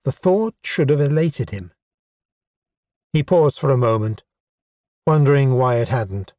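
Slow, wry male audiobook narrator. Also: medium pitch, animated, mellow, no echo, studio quality. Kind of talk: scripted narration.

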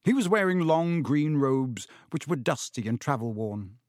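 A man reading a children's novel aloud as an audiobook narrator, with steady storytelling. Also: mid-range voice, unhurried, no room sound, studio quality.

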